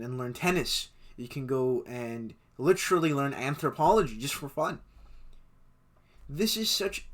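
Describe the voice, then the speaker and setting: A vlogger in his twenties chats through a list of things he loves, enthusiastic and stumbling over repeated words. His voice is mid-range with a fairly bright tone.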